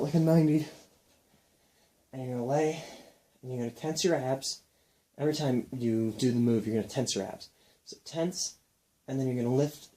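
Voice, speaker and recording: A man's voice: on the high side, slight background noise. Casual young man demonstrating ab exercises. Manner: relaxed, talks while demonstrating moves, counts reps aloud. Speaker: fitness instructor.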